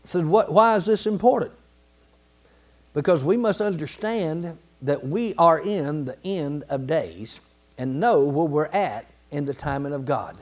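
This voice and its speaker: A man preaching a sermon in a folksy, colloquial way, building to emphatic repeated phrases and clearing his throat now and then. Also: on the high side, animated, measured pace, a little mellow. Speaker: pastor.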